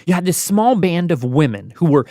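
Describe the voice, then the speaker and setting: A man narrating a podcast history story in a measured, storytelling way. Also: a little high, sing-song, mellow, no room sound, clean studio sound. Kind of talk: scripted narration.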